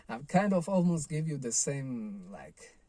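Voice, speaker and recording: A man's voice: mid-range voice, sing-song, slow, warm tone. A man telling a personal surfing story in a loose, rambling vlog style, full of "like" and "you know". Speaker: surfing vlogger.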